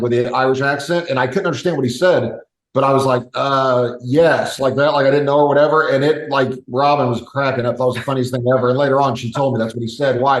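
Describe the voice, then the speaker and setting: A man in the middle of the usual pitch range chats easily as a podcast host, tossing in wry asides. His voice carries a roomy echo. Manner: laid-back, wry asides. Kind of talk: casual chat.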